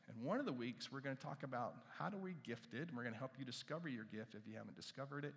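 A male pastor preaching a sermon, animated, repeating key phrases and asking the crowd questions, dropping to hushed asides. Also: medium pitch. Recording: long reverb from a large hall.

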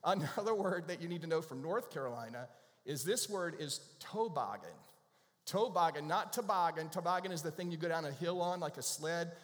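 Chatty middle-aged pastor in echoing church. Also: male voice, fairly high pitch, fairly quick. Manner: chatty, joking, playful. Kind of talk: casual conversational sermon. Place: church sanctuary. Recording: reverberant church hall.

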